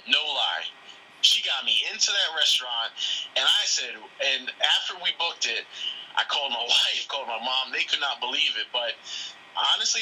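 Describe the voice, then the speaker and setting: A man's voice: medium pitch, bright, forceful tone, a little hiss or hum, rough recording. A man in his thirties from Pennsylvania, a voice actor chatting casually in an interview, rambling with lots of fillers. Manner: rambling, many fillers and restarts. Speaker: guest voice actor.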